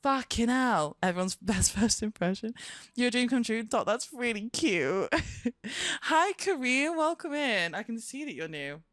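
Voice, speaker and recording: A woman's voice: a little high, expressive, unhurried, fairly bright tone, no echo. Giggly woman streamer, dry close mic. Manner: chatty, giggly, self-mocking. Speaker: live streamer. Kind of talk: casual live-stream chat. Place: home streaming room. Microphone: streaming microphone.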